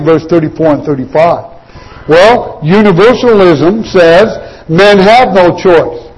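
A man preaching a sermon, emphatic, who speaks to his listeners as ladies and gentlemen and asks and answers his own questions. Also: sits high, low-quality recording. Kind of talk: sermon with chart.

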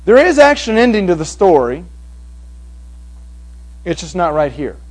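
A man preaching a sermon to a congregation, swinging from hushed passages to loud, emphatic ones. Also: sits high, sing-song, normal speed, rough recording. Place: evening meeting before a congregation.

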